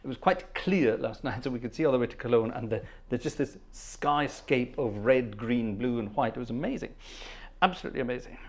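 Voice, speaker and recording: A man's voice: medium pitch, a little fast. A man hosting a livestream organ concert, greeting viewers one by one in casual chat and humming between names. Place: at the organ console.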